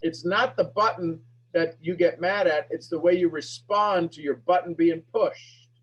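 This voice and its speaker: Husky man coaching with emphatic questions. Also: on the high side, measured pace, lo-fi sound. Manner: emphatic, repetitive questions, rising to near-shouting. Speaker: sales coach leading a master class. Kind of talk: animated teaching talk to an online audience.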